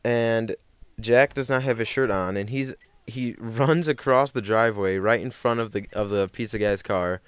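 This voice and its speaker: A man's voice: on the low side, moderate pace, hardly any pauses, clear, resonant tone, no echo. A young man telling a rambling story over gameplay, full of fillers and self-corrections. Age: young adult. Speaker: gaming commentator.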